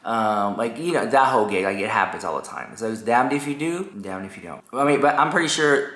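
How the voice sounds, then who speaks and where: Chatty young man, bright echoey voice. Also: on the low side, a little fast, hardly any pauses. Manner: chatty, rambling, animated retelling. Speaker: YouTuber. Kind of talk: casual vlog commentary. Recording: echoey room.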